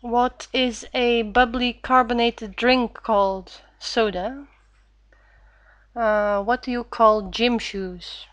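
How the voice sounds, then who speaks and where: A woman in her twenties from Belgium, unhurried and hesitant, reading a question list in a casual vlog. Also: on the high side, steady tone, dry recording. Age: 20s. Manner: unhurried, hesitant with many fillers, giggling.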